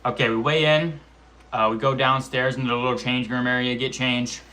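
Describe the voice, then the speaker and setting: With a medium-pitched, level, pushed and bright voice, a man in his twenties tells his amateur-fight story a little fast. This amateur MMA vlogger keeps it casual and profane, acting out quotes and making sound effects.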